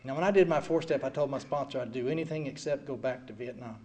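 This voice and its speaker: A man in his sixties giving an earnest personal recovery testimony, swinging from quiet heavy passages to loud wry ones. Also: medium pitch, fast, a little hiss or hum. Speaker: speaker sharing at a recovery meeting.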